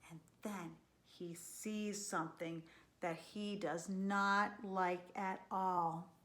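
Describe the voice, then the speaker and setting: A woman reading a children's picture book aloud, slow and expressive, sometimes dropping to a whisper. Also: medium pitch, echoey room. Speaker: storyteller.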